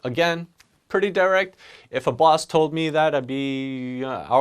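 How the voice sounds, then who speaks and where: A man teaching business English writing, acting out example phrases in a relaxed, conversational way. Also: mid-range voice, a little slow. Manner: animated, acts out example phrases. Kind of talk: online English lesson.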